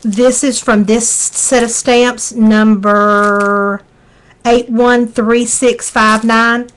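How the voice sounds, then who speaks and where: A middle-aged Southern US woman demonstrates a craft live, chatting folksily as she works. Her voice is fairly high and a bit bright, with a flat delivery and an extremely slow pace.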